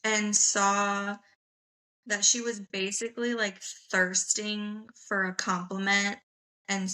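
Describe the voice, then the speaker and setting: A woman's voice: medium pitch, level tone, slow, pushed and bright, poor audio. A woman co-hosting a podcast in casual chat, agreeing emphatically and swearing freely. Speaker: podcast co-host.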